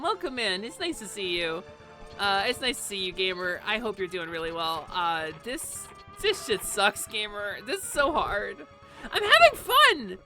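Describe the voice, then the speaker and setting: Fairly high in pitch and sharp in tone, a woman's voice carries over faint game music as she live-streams a game. Exasperated and swearing, she rants at it, staying chatty with viewers and greeting those in chat.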